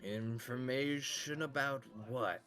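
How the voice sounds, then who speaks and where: A man doing a burly slave dealer with an elf's height and a dwarf's build, gruff and defensive and quick to curse. His delivery is slow and unhurried, with a faint hum of music underneath. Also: mid-range voice, fairly bright tone. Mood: brusque. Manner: defensive, blunt, cursing.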